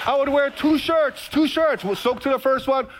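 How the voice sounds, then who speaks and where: A man's voice: very high voice, moderate pace, some chatter behind. A middle-aged man preaching a conversational radio sermon, telling stories with lots of repetition. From Hawaii. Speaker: pastor.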